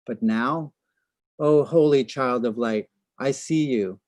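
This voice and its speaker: A man's voice: medium pitch, slow, a little mellow, dry recording, close to an everyday voice. A man reading the part of a tormented young chairman of a feast, speaking in a defiant, impassioned way.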